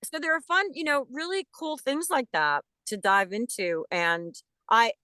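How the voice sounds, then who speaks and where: A woman who is a voice actress, chatting as a guest in an interview with enthusiastic, animated talk and frequent restarts. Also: fairly high pitch, unhurried, clear, resonant tone, no room sound. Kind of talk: casual interview chat.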